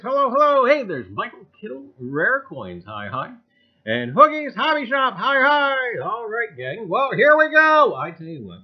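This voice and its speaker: A man's voice: sits high, breathy edge, dull audio. A man hosting a casual livestream, jokey and chatty, greeting viewers one by one and leaning on repeated catchphrases. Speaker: livestream host.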